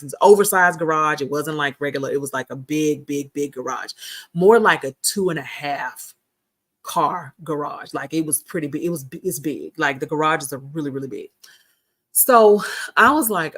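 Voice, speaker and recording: A woman host telling a personal story in a casual, animated chat, repeating herself for emphasis. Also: deep voice, breathy edge.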